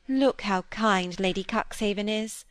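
Sweet-voiced young lady in mourning, read by a woman; gentle and coaxing. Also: medium pitch, a little slow, dry recording, natural voice.

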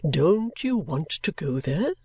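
A woman voicing a gruff, odd older gentleman who speaks slowly and bluntly in a storybook reading, in a breathy, lowered voice. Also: sing-song, no room sound, studio quality, exaggerated voice. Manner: slow, blunt, grumbling.

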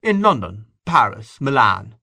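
A man's voice: on the low side, lively intonation, brisk, a bit bright, no room sound. A man reading aloud, voicing a polite, self-assured young singer. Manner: polite, careless.

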